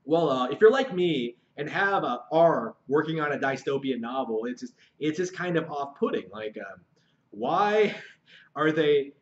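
A man's voice: on the high side, expressive, a little slow, lo-fi sound. A man talking off the cuff to his channel about his writing, stumbling over his words with many fillers and restarts, sounding frustrated. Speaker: aspiring novelist vlogger. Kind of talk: unscripted monologue to camera.

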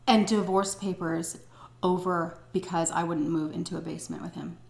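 A middle-aged woman vlogger eats on camera at home while retelling a personal story vividly, casually, bluntly and with profanity. Her voice is fairly low and steady, with vocal fry, spoken at normal speed in a reverberant space.

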